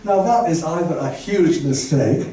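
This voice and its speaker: A man's voice: on the high side, a little slow, warm tone. An older man giving a chatty, digressive public talk to an audience, full of asides and fillers. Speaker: guest lecturer. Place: lecture room with an audience. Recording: very echoey room, voice from far off, faint background noise.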